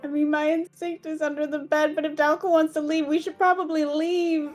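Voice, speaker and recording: A woman plays a tabletop role-playing game in a high voice. She thinks aloud, hesitating and restarting her sentences. Faint music plays behind her. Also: flat delivery, fairly quick, darkish tone. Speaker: player.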